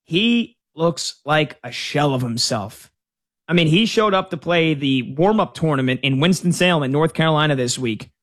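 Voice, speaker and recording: A man's voice: on the high side, lively intonation, moderate pace, fairly bright tone. A man talking casually as a sports betting analyst, conversational with frequent fillers. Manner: conversational, uses fillers like "you know".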